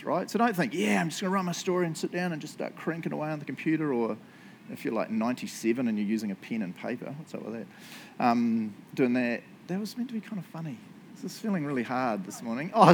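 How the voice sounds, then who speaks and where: A man giving a relaxed, joking sermon, often checking in with the congregation. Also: mid-range voice, a little hiss or hum. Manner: chatty, joking, keeps asking "right?". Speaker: pastor. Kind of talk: casual sermon. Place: church service.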